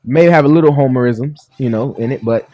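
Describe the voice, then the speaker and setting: A man's voice: mid-range voice, a little fast, dark tone, no room sound. A man hosting a sports talk show, joking and chatty, in a studio. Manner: upbeat, joking, laughs often. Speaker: sports radio host.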